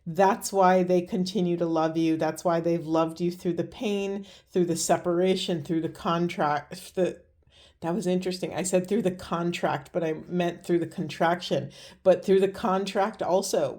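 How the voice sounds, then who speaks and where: Slow, earnest woman giving a spiritual reading. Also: lowish voice, fairly even intonation, a little mellow. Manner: slow, earnest and emotional, with many pauses and restarts. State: moved, near tears. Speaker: tarot and oracle reader.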